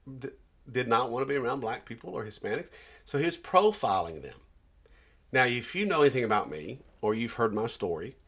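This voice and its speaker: A man's voice: medium pitch, a bit bright. Earnest man telling a personal story. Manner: earnest, storytelling, pauses and restarts. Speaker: Christian minister. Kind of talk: personal testimony to camera.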